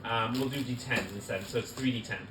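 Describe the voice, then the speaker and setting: Echoey halting game master. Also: medium pitch, fairly even intonation, background noise. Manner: halting, many fillers while describing. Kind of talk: narrating a tabletop game.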